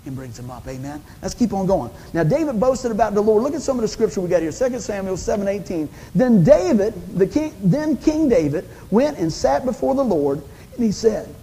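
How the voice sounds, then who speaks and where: Male pastor, high mellow voice, folksy storyteller, slight background hiss. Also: lively intonation, quick pace, long reverb tail, low-quality recording. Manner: folksy, storytelling, acts out conversations with big pitch swings. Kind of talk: sermon.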